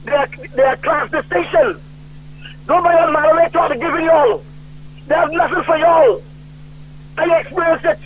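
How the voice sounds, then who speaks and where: A man calling in to a radio talk show, ranting loudly about politics and retelling old conversations. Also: extremely high pitch, moderate pace, pauses often, slight background noise. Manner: loud and heated, retelling quoted conversations. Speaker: radio call-in caller. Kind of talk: political rant on a call-in show. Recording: tinny phone line.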